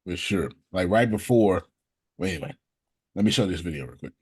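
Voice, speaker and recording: Male host, husky, lively, jokey banter in a casual show. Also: low-pitched. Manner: animated, playful, quick asides and laughs. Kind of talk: casual online show chat.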